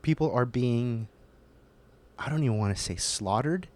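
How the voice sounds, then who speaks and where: A young man delivers a heated solo podcast monologue. He swears freely and leans hard on his points. His voice sits in an ordinary middle pitch. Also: normal speed, darkish tone. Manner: profane, heated, emphatic. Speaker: podcast host. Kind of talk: casual ranting monologue.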